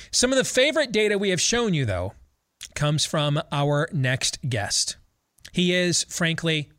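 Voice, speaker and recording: A man hosting a political talk radio show, joking and sardonic, talking quickly. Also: sits high, a bit bright, dry recording, clean studio sound.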